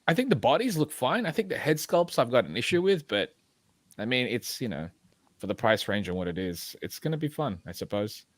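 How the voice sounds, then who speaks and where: A man's voice: medium pitch, big pitch swings, a little fast, dry recording. A man co-hosting a podcast in casual chat, hesitant and musing, with plenty of fillers. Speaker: podcast co-host.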